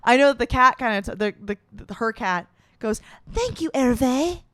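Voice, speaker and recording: A woman's voice: fairly high pitch, brisk, a bit bright, clear, resonant tone. A woman in her twenties, talking in a playful, rambling, swearing comedic monologue. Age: 20s. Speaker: vlogger.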